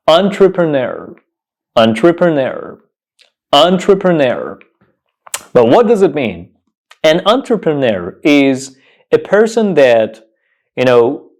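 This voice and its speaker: A man teaching English pronunciation, saying each word slowly several times and asking the viewer questions. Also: mid-range voice, a little mellow. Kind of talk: pronunciation lesson.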